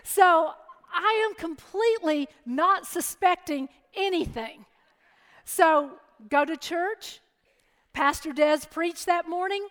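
A middle-aged woman preacher giving a sermon and telling a personal story in a lively, chatty way. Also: extremely high pitch. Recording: long hall reverb.

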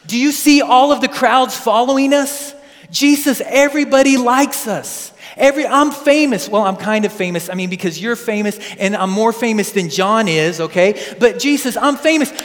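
A man putting on a bragging, fame-hungry disciple. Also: normal speed. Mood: boastful. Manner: high, breathless bragging and pleading. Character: boastful fame-hungry male disciple, excitable. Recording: long hall reverb.

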